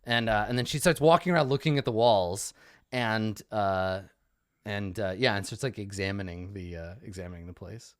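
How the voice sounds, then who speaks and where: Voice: deep voice, normal speed, no echo, clean studio sound. A person narrating as game master of a tabletop game, loose and chatty, laughing often.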